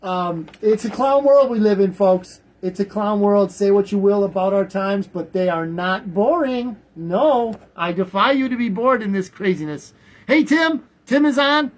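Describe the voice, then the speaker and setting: A man's voice: sits high, animated, measured pace, rough recording. A man hosting a talk radio show, rambling through the news in casual commentary, often repeating words.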